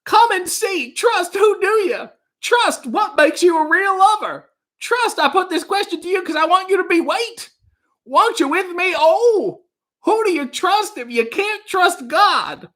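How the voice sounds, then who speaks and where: A jittery high crooner. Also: male voice, expressive, measured pace, bright, forceful tone, exaggerated voice. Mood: crooning. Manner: comic impression singing a pop song. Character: jittery high-voiced man crooning a love song.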